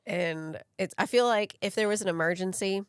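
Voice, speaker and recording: A woman co-hosting a podcast, talking in an effusive, halting way with many restarts. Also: mid-range voice, clean tone, dry recording, clean studio sound. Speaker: podcast co-host. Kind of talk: casual interview conversation.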